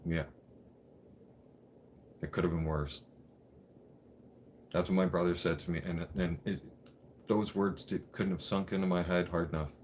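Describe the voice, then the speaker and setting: A man's voice: deep voice, fairly even intonation, a little slow, long pauses, darkish tone, a little hiss or hum. A man in his thirties telling a personal story on his channel, candid and blunt, swearing freely.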